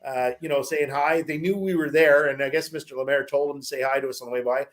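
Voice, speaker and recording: A man's voice: medium pitch, fairly even intonation, quick pace. A man telling a long casual story, rambling with many restarts, fillers and some swearing.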